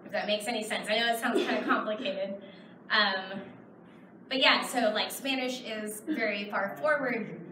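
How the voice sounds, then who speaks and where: A woman in her thirties from Texas rambles chattily through audience questions at a convention panel, leaning heavily on fillers. Her voice is a little high. Captured at a distance by a camera among the audience, the large hall echoes and there's background noise.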